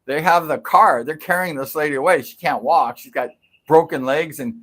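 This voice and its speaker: A man's voice: fairly high pitch, normal speed, a bit bright. A middle-aged man casually telling a long story on his livestream, rambling and repeating himself with many fillers.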